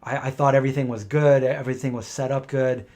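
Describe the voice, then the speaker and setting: A man's voice: mid-range voice, steady tone, quick pace, darkish tone. A middle-aged man hosting a casual live question-and-answer stream, telling rambling anecdotes and acting out the voices of people he quotes.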